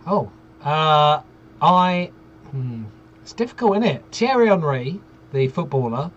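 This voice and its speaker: Dry-humored man, lively pitch. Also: unhurried. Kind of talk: casual banter. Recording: dull lo-fi sound with faint background noise.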